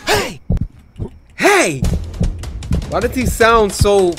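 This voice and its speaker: A man giving hyped, trash-talking let's-play commentary on horror games, shouting catchphrases, with game music behind him. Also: extremely high pitch, sing-song, a little slow, long pauses. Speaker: gaming YouTuber. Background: game music and sound effects.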